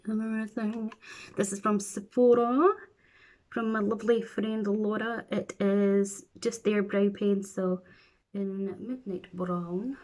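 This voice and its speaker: A woman's voice: medium pitch, steady tone, takes it slowly, darkish tone, a little hiss or hum. A Scottish woman chatting playfully through a makeup tutorial at home, with silly asides as she works. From Scotland. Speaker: beauty vlogger.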